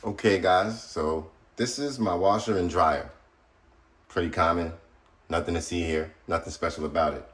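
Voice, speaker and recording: Deep-voiced man demonstrating a DIY project. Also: moderate pace, reverberant. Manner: blunt, chatty, addresses viewers directly. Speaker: DIY solar video host. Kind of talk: casual how-to demonstration. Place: house interior, laundry area.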